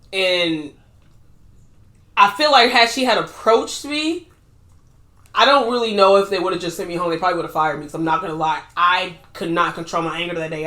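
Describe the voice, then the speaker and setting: A woman's voice: fairly low pitch, a bit bright, echoey room. A woman co-hosting a podcast in casual chat, blunt and emphatic. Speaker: podcast co-host.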